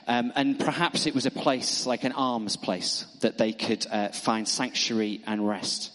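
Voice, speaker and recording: A man's voice: medium pitch, steady tone, fairly bright tone. Male preacher, Northern English accent, hesitant, filler-heavy sermon delivery, long hall reverb. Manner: halting, with many fillers.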